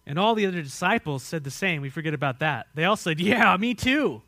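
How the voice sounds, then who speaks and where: Male American pastor, mid-high voice, dry close sound; dynamic sermon delivery with direct questions to the room. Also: animated, quick pace, no echo. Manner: dynamic preaching, swings from loud and emphatic to quiet and hushed; asks the congregation direct questions.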